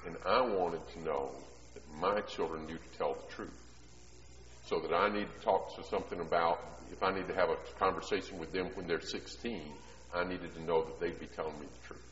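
A middle-aged man delivers a sermon in a long, ringing hall, his voice slightly muffled and dull. He slips from easy storytelling into loud, emphatic preaching and back again. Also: sits low, steady tone, brisk, a little hiss or hum. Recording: echoey hall, dull sound.

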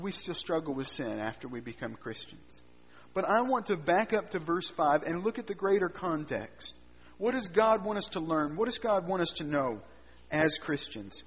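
A man preaching a sermon, swinging between loud emphatic lines and quiet low asides. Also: animated, moderate pace, breathy edge. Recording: dull sound with long hall reverb.

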